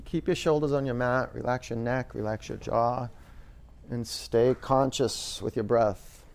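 A man teaching a yoga class in a studio, giving relaxed cues and talking loosely with fillers. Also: mid-range voice, unhurried, creaky.

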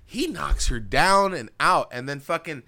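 A man co-hosting a podcast, talking in a loose, animated way and swearing freely. His voice sits a bit high and bright, and it swings up and down a lot. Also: unhurried, gravelly. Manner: animated, swearing, acting out quotes with laughs. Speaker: podcast co-host. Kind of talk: casual chat recapping a show.

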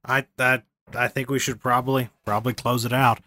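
A man's voice: medium pitch, flat delivery, brisk, sharp tone. A man co-hosting a podcast in easy, casual chat, a bit hesitant at times. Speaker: podcast co-host.

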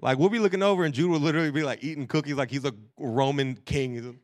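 A man's voice: on the high side, racing. A man preaching a sermon as pastor, telling family stories in a casual, conversational way with slang and some laughter. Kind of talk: sermon with storytelling.

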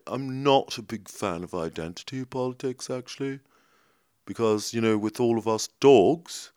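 An earnest, opinionated male dog, played by a man rambles on with lots of ums and hesitations. The voice is low and smooth. The sound is dry and close, with no room echo. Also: natural voice.

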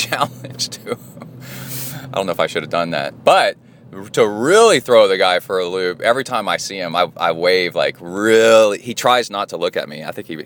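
A man hosting a podcast, telling a rambling casual story while driving, getting animated whenever he quotes other people. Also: deep voice. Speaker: podcast host. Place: car, driving.

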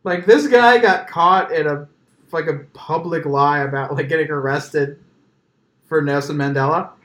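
A man hosting a loose, profane podcast chat, rambling through his stories with constant filler words. His voice sits a little higher than most men's. The room around him is echoey. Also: measured pace, a bit bright. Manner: profane, joking, rambling with many "like"s. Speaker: podcast host.

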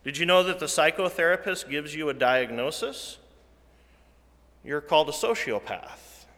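A male preacher delivers his sermon at a very slow, deliberate pace. His voice is bright and sits a little high. It swells and sinks to near-whispers inside a big, reverberant sanctuary. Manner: slow, deliberate preaching that swells louder then drops to a hush.

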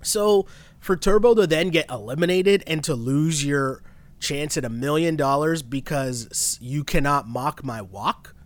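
A man co-hosting a podcast in casual chat, animated and exasperated, laughing often. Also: fairly high pitch, unhurried. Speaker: podcast co-host. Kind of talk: casual chat recapping a reality show.

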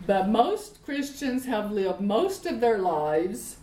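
A middle-aged woman preaching a sermon, reading Bible verses slowly and repeating key phrases. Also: mid-range voice, sing-song, dark tone. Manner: leads call-and-response with congregation. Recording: echoey room.

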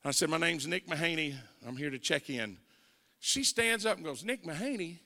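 A man's voice: on the high side, sing-song, normal speed, gravelly, bright, forceful tone. A man in his forties with a Southern accent, preaching his testimony as an evangelist and acting out the voices in his story. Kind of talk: testimony sermon. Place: church sanctuary. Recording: reverberant church hall.

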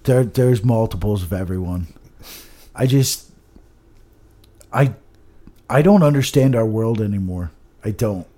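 A man's voice: fairly low pitch, a little slow, pauses often, dark tone. A man in a casual podcast chat, ranting with heavy swearing and stumbling restarts.

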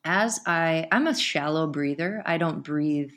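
Low-pitched woman spilling a personal story, animated and emotional. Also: unhurried. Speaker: podcast guest.

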